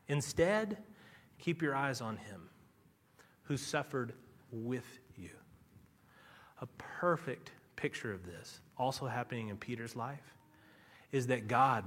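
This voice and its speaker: Bright, forceful male preacher. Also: mid-range voice. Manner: dramatic, swings between loud urgency and hushed softness; leads prayer. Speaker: pastor. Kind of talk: sermon.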